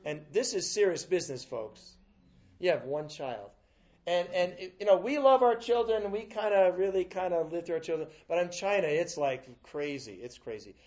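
Male preacher, fairly high voice, storytelling sermon with many restarts, dull lo-fi audio. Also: lively intonation, moderate pace. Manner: storytelling with frequent restarts and a wide swing in loudness.

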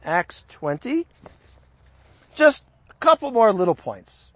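Guy preaching, pretty high voice, super dry close sound, chatty and animated. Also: slow pace, dry recording, lo-fi sound. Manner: animated, conversational, reads scripture with rising emphasis. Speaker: pastor. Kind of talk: sermon.

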